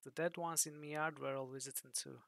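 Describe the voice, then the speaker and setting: A man voicing a wary, gruff male trapper, reading a game's dialogue aloud. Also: a little high, fairly even intonation, moderate pace, a bit bright, dry recording.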